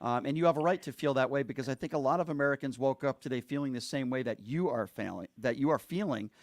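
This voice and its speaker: A man's voice: mid-range voice, fast, no room sound, clean studio sound. A man hosting a talk radio call-in show, blunt and combative with callers.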